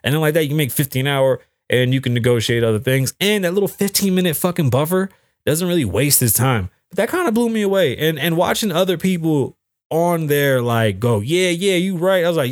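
Profane, animated man hosting a talk show. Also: a little high, brisk, dry recording, clean studio sound. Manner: profane, animated storytelling with acted-out quotes. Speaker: podcast host. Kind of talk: casual solo commentary.

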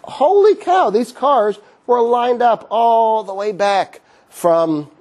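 A man's voice: sits high, slow pace, a little mellow. A middle-aged male pastor giving a conversational sermon, weaving in personal stories.

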